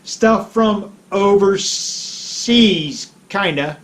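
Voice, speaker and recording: A man's voice: high voice, extremely slow, noisy background. A man from the United States hosting a motorcycle vlog from his home garage, chatting casually in a joking, rambling, self-deprecating way. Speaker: motorcycle vlogger host. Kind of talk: casual chat to camera.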